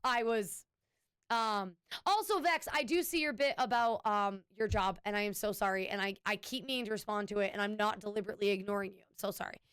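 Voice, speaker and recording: A woman's voice: medium pitch, a little fast, fairly bright tone, clear, resonant tone, no echo, studio quality. A woman streamer chatting casually with her viewers, rambling and restarting her sentences. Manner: rambling, with frequent restarts and "anyway"; chatty, thanking subscribers.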